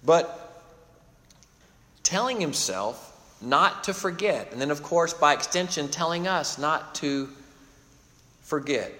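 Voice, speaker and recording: High-voiced male preacher in a reverberant hall. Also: expressive, takes it slowly, long pauses, pushed and bright. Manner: expository preaching, dynamic with emphatic swells and drops. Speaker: pastor. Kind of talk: sermon.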